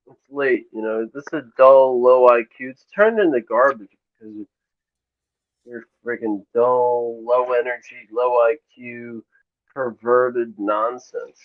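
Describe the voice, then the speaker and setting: A man's voice: mid-range voice, unhurried, dry recording. A man arguing defiantly in a voice chat, brushing off insults. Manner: defiant, dismissive. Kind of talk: heated voice chat argument. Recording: tinny phone-like voice chat.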